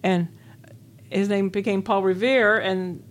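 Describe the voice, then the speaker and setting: A woman's voice: mid-range voice, fairly even intonation, unhurried. Older woman reading her memoir essay. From Illinois, USA. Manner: wistful, wry storytelling. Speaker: author and guest.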